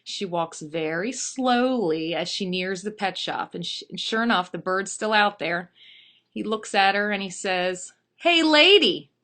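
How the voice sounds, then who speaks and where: Woman, thirties, bright voice, playful, chatty, storytelling. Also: medium pitch, unhurried. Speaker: speaker telling a joke and introducing herself. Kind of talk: storytelling to an audience.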